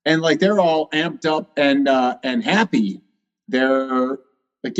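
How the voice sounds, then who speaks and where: Emphatic man on a dull line. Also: medium pitch. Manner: emphatic, fast, many fillers. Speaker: podcast guest, doctor. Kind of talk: interview talk. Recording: slightly dull, lo-fi sound.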